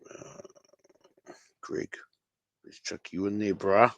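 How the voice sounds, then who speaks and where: A man's voice: fairly low pitch, fairly even intonation, slow, a bit bright, dry recording. A man with a New Zealand accent hosting a casual fan livestream, laid-back and slangy, calling everyone bro. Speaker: fan show host.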